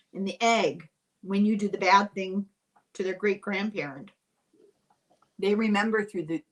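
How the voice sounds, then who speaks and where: An older woman from Ireland, hosting a casual podcast chat, animated and quick to laugh. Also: medium pitch. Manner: chatty and animated, laughs often. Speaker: podcast host.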